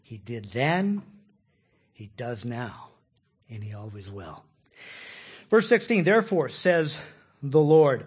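A man's voice: mid-range voice, big pitch swings, slow, long pauses, breathy edge. A man preaching a sermon as a pastor, emphatic and asking questions of his listeners. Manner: emphatic, asks questions of the congregation.

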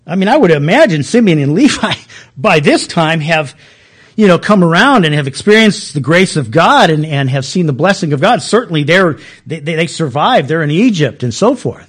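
A middle-aged man preaching a sermon as a pastor, animated and often restarting with repeated words. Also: fairly high pitch, husky.

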